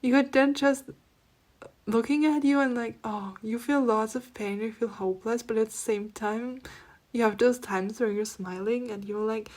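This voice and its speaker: A woman with a fairly high voice gives a spiritual card reading straight to the viewer. She talks softly and gently, often sinking to a near-whisper before laughing and speaking up again. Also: fairly even intonation, moderate pace. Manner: soft-spoken, drifting between near-whispers and laughing outbursts. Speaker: tarot reader.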